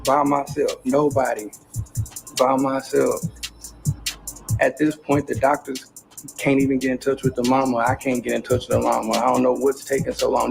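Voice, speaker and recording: A man's voice: medium pitch, creaky, poor audio. A man telling a distressing personal story in a casual, agitated way, in a clip played on the stream. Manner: agitated, retelling a distressing event.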